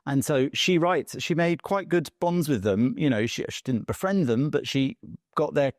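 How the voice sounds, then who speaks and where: A male interviewer calmly explains a point in conversation, with a few restarts along the way. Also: a little high, moderate pace, no room sound, studio quality.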